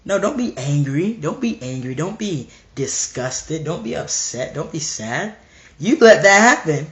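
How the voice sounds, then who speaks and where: A man's voice: a little high, very animated, measured pace, a little mellow. Man preaching emphatically in an echoey room. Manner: emphatic, repetitive, rhetorical questions. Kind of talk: preaching monologue.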